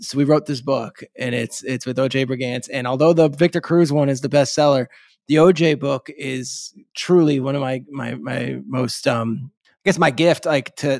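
A man sits at a studio mic as a podcast guest, recounting stories with eager energy and quick restarts. His voice sits at an ordinary middle pitch and the recording is dry and close, with no room around it. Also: no room sound. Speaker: sports reporter, podcast guest. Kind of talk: casual storytelling interview.

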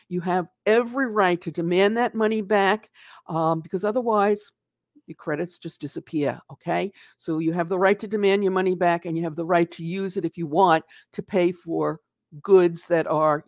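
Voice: medium pitch, no room sound, studio quality. A channel host giving an unscripted accounts payable lesson, talking emphatically and conversationally, often checking in with "okay?" and stressing points with a punchy "poof". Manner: dramatizes losses with "poof". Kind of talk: unscripted explanatory video lesson.

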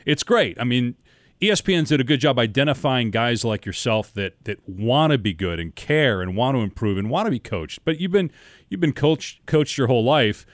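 A man hosting a sports podcast, asking questions in a relaxed, conversational way. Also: mid-range voice, normal speed, no room sound. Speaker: podcast host and sports broadcaster. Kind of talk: casual interview chat.

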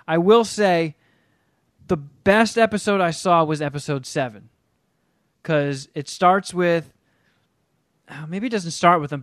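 A man's voice: on the high side, dry recording, clean studio sound. A man chatting casually as a podcast co-host, crude and rambling, restarting often. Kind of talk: casual chat.

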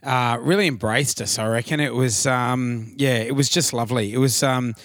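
A man's voice: mid-range voice, steady tone, moderate pace, dry recording. An easygoing Australian man co-hosting a music podcast, agreeable and supportive of his co-host. His voice sits in a middle range and is recorded dry and close. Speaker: podcast co-host and tribute band singer. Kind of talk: casual chat.

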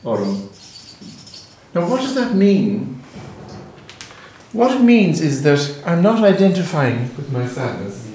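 A man with an Irish accent, a native Gaelic speaker, giving a reflective spiritual talk in a musing, gently humorous storytelling manner. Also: on the high side, sing-song, slow, long pauses, slight background noise. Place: hall with a live audience. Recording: very echoey hall, mic far off.

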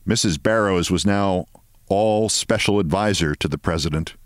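A man hosting a show, reading a story aloud in a measured, expressive way. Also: low voice, dry recording, studio quality. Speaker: host.

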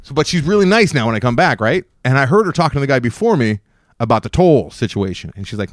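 A man's voice: medium pitch, big pitch swings, fast, no room sound. A middle-aged man on a podcast, telling a rambling, profane anecdote and acting out the other people's lines. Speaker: podcast co-host. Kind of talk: casual storytelling chat.

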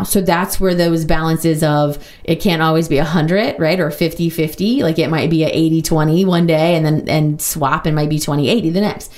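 A woman hosting a podcast, talking openly and casually about her own life, with lots of "like" and quick asides. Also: low voice, fairly even intonation, a little mellow. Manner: open, chatty, full of "like" and quick asides. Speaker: podcast host. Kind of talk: candid personal monologue.

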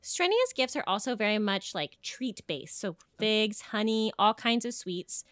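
A woman's voice: mid-range voice, unhurried, no room sound. A young woman co-hosting a podcast, telling folklore in a jokey, swearing, casual way. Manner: animated, jokey, swearing storyteller. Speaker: podcast co-host.

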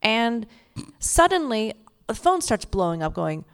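A woman's voice: on the high side, big pitch swings, a little slow, fairly bright tone, clean tone. A woman co-hosting a comedy podcast in front of a live audience, chatting casually and profanely and slipping into silly voices. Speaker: podcast co-host.

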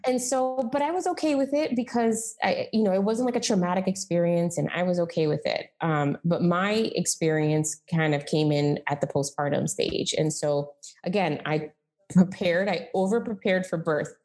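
Low-voiced woman telling her story casually. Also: moderate pace, a little mellow. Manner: candid and chatty, with frequent "like" and "um". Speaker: podcast guest sharing her story.

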